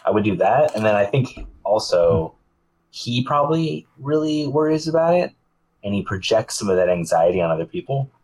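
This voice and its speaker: Lively, slightly husky podcast man. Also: on the low side, normal speed, low-quality recording. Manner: lively, laughing banter. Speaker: podcast co-host. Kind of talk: casual podcast chat.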